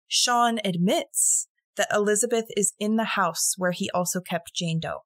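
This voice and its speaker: A woman hosts a casual true-crime podcast, retelling the case in an animated way. She swears freely and acts out the quotes. Her voice sits close and dry, with no room sound. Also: medium pitch, moderate pace, few pauses, dry recording. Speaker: podcast co-host.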